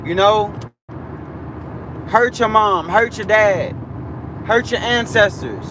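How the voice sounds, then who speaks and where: A young man with a high voice delivers a heated, preachy rant straight to his live-stream viewers, repeating himself. He is outdoors on a city street, with traffic noise clearly heard behind him. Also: lively intonation, takes it slowly, pauses often. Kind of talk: ranting live-stream monologue.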